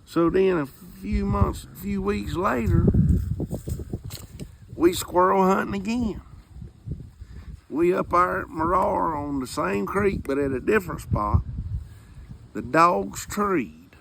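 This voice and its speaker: A man's voice: high-pitched, slow pace, creaky, long pauses, noisy background. A man telling a comic hunting story in a drawling, folksy way. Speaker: storyteller comedian.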